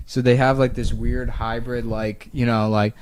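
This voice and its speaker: A man's voice: mid-range voice, little pitch movement, moderate pace, a little mellow, slight background noise. A man co-hosting a comedy podcast, chatting in a rambling, profane way. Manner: rambling, profane, drops into silly voices. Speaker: podcast co-host. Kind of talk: casual podcast banter.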